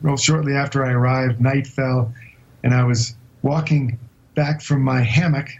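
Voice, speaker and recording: A man being interviewed as a guest explorer, telling a long story in a vivid but halting way with many hesitations. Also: mid-range voice, steady tone, lo-fi sound. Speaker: guest explorer recounting an expedition.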